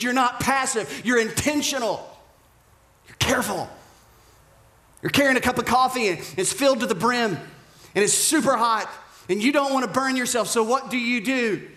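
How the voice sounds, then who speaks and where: A man preaching a sermon as pastor, animated, dropping to hushed whispers and rising to shouted emphasis. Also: very high voice, echoey room.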